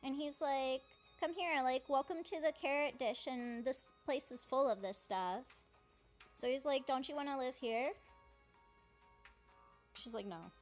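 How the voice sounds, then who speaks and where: A woman's voice: sits high, a little slow, pauses often, soft background music. A woman casually narrating a game playthrough, paraphrasing characters' lines in a chatty way. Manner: chatty, paraphrases dialogue with "she's like". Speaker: fan dubber playing through a game.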